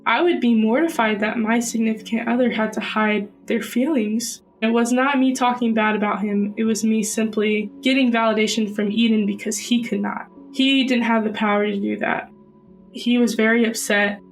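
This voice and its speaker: A woman's voice: a little high, fairly even intonation, normal speed, faint music behind, poor audio. A young woman earnestly recounting a personal story in a podcast interview.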